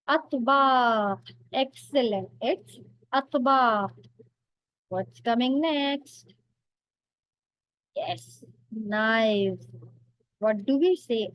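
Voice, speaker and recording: Slow, patient woman teacher quizzing vocabulary. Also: high-pitched, no echo, dull audio. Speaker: language teacher. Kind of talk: vocabulary quiz lesson.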